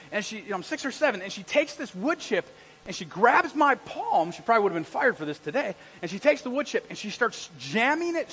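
A man preaching in a high, lively voice that is husky and a bit rough. He tells his stories with lots of energy and shouts out the lines he quotes. His voice rings through a church hall with a long, echoing reverb. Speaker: pastor. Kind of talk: sermon. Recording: echoey hall.

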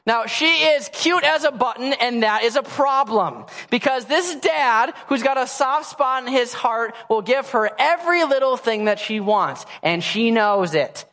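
This pastor, a man in his thirties, sermonizes in a very high, animated voice that sounds pushed and bright, unhurried yet with hardly any pauses. His family stories are playful and self-mocking as he acts out what his baby and toddler demand, all with the long reverb of a church hall full of congregants.

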